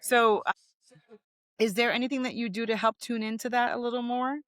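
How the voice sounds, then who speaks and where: A woman's voice: a little high, fairly even intonation, fairly quick, a bit bright, no echo, studio quality. A woman co-hosting a podcast, asking thoughtful, searching questions with lots of fillers. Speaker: podcast co-host. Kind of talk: casual interview chat.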